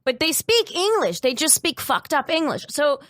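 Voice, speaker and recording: A woman comedian guest telling a story in casual, animated podcast chat, full of swearing. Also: high voice, moderate pace, no room sound, studio quality. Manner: animated, swearing, jumps into voices.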